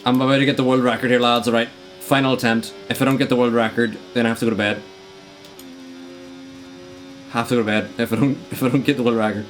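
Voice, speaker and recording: Young man, live game streamer, frustrated joking tone, swears, mid pitch, faint background music. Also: little pitch movement, rapid-fire.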